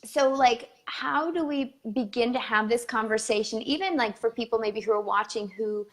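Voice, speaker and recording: Higher-voiced woman host, rambling questions. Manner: rambling, halting questions full of fillers. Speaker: host and coach. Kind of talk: interview questions.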